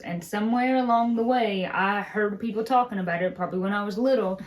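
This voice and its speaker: A woman's voice: medium pitch, a little fast, hardly any pauses. A woman with an Appalachian accent, co-hosting a casual chat and explaining words in an easygoing way. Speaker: co-host.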